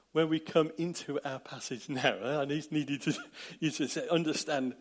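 A man preaching a sermon, retelling a story with lively, animated delivery and acted-out quotes. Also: a little high. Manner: animated, acts out quotes with sudden loud bursts.

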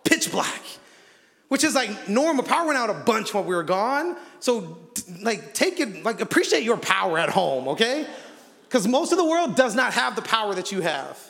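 Man, high voice, sermon, animated storytelling, filler words, long hall reverb. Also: normal speed, creaky. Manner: animated storyteller, acts out quotes, frequent fillers. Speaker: guest preacher. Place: church auditorium.

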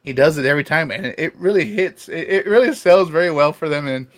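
A man co-hosting a casual wrestling review podcast, rambling excitedly, swearing freely and often clearing his throat. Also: fairly high pitch, fast. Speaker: podcast co-host.

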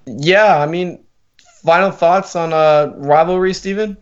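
Inquisitive man, slightly high, muffled sound. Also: measured pace. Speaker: podcast co-host. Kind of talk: casual sports chat.

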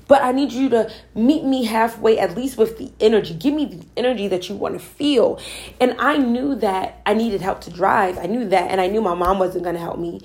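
A woman's voice: on the high side, normal speed, darkish tone. A woman telling a personal story about manifesting and spiritual guidance in an earnest, emphatic, conversational way, often repeating herself for effect. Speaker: spiritual speaker.

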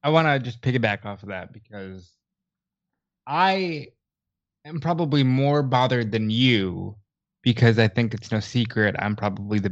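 A man's voice: medium pitch, muffled recording. A man co-hosting a casual podcast chat, blunt and opinionated with a frustrated edge. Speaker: podcast co-host.

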